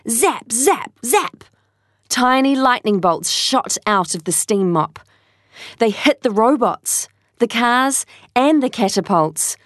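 Slow, lively woman storybook reader. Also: on the high side, dry recording, studio quality. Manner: expressive, unhurried storytelling. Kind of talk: children's story reading.

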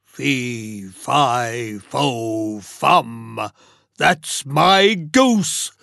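A storyteller doing a huge roaring giant from a children's storybook, menacing and drawn out. The chant drops low and booms slowly. The recording is dry and close. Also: animated, gravelly, fairly bright tone, dry recording, full character voice. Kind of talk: storybook reading.

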